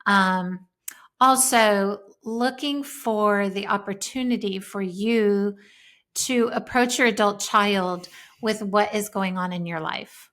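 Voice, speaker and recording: A woman in her fifties co-hosting a parenting podcast in casual conversation, thoughtful and slowing down to stress her points. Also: mid-range voice, fairly even intonation, fairly bright tone. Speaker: podcast co-host.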